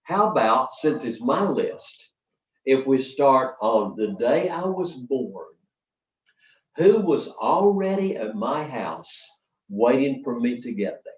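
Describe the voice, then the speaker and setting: Older man telling stories in a roomy hall. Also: medium pitch. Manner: folksy, lively storytelling with dramatic pauses. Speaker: storytelling workshop teacher. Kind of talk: storytelling lesson to a live audience. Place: workshop hall. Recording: roomy, distant, dull sound from the back of a hall.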